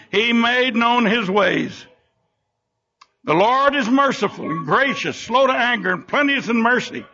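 An older man preaching a sermon with fervent emphasis, his voice leaping up and sinking low between phrases. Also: bright, forceful tone. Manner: fervent preaching, sudden rises and drops in pitch and volume. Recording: dull lo-fi recording.

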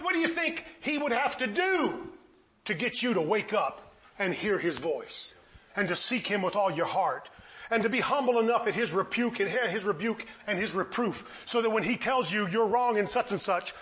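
A man's voice: very high voice, a bit bright. A man preaching a sermon, impassioned and pleading, firing off rhetorical questions.

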